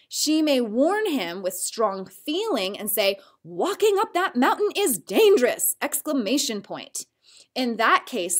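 Female teacher with a fairly high, animated voice, walking students through a worksheet clearly and patiently. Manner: clear, patient, step-by-step explaining. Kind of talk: classroom grammar lesson.

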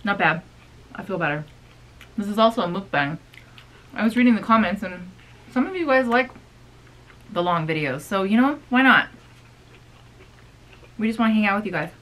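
A woman co-hosting a thrift vlog, telling stories in an animated way and laughing often. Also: mid-range voice, moderate pace, long pauses, rough recording. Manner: animated storytelling, frequent laughs. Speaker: co-host of a thrift channel. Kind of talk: casual chat.

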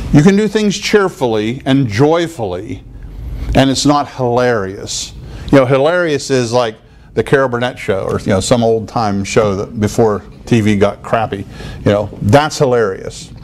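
Animated man preaching casually. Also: a little slow, slight background noise. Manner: conversational, animated, laughs and mimics others in high voices. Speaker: pastor. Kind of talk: sermon.

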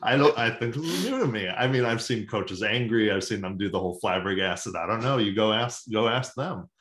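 A man's voice: on the low side, animated, a little fast, a bit bright, roomy sound. A man co-hosting a soccer podcast, chatting casually with sarcastic, jokey asides. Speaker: podcast co-host. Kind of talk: casual sports chat.

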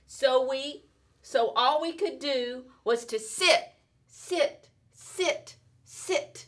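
A woman teacher narrates a rhyming children's story in a bright, ringing voice. She reads slowly and lingers on the words. Her pitch sits a little high and dances around lively as she tells it. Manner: expressive, sing-song storytelling. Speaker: teacher reading aloud. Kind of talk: children's read-aloud narration.

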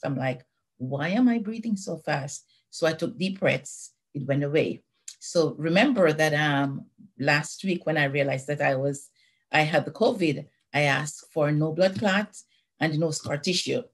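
An older woman giving a personal church testimony, telling it earnestly with frequent pauses and restarts. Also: low-pitched, husky. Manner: earnest, halting retelling with many restarts.

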